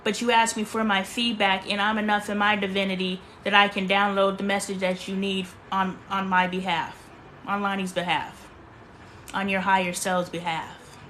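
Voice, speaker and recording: A woman's voice: mid-range voice, little pitch movement, moderate pace, fairly bright tone, a little hiss or hum. A woman hosting a casual livestream from her bedroom, talking emphatically and preaching, often repeating herself. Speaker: livestream host.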